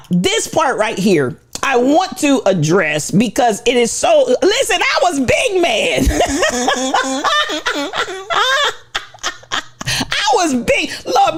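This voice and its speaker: A woman hosting a livestream, giving an impassioned, preachy rant to her viewers. She swings between shouts and low asides. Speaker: livestream host.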